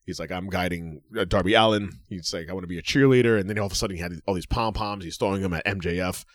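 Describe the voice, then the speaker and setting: A man's voice: low-pitched, fairly even intonation, fast talker, dry recording. A man in his forties co-hosting a podcast, chatting casually and rambling with frequent fillers and laughs. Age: 40s. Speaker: podcast co-host. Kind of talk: casual chat.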